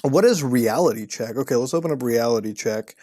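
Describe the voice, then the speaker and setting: A man hosting an online video, giving excitable, profane commentary while browsing websites and laughing often. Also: mid-range voice, fairly quick.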